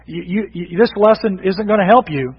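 Male pastor, sermon, animated, conversational, frequent restarts, high voice. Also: normal speed, breathy edge, big-room sound, highs cut off.

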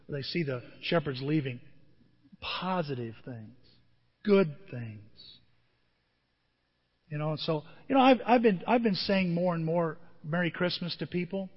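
Man, pastor: high and a bit husky, chatty sermon with rhetorical questions, long reverb on the recording. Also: dull audio. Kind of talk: conversational sermon.

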